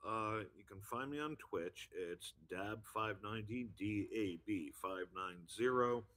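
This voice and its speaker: A man chatting casually as a guest, rambling along with plenty of fillers. His voice is fairly low but carries a bright, forceful edge. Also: a little slow. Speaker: guest, streamer and voice impressionist. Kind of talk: casual chat.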